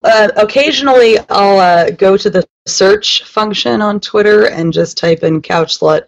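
A woman's voice: medium pitch, a little slow. A woman talking casually in an interview about her band, rambling with lots of fillers and now and then a swear word. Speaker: band member guest. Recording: muffled lo-fi sound.

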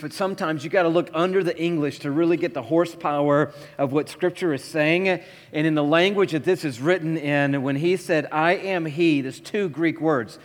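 A man preaching a sermon, telling the story with lively, dramatic shifts between hushed and loud delivery. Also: fairly high pitch. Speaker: pastor. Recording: long hall reverb.

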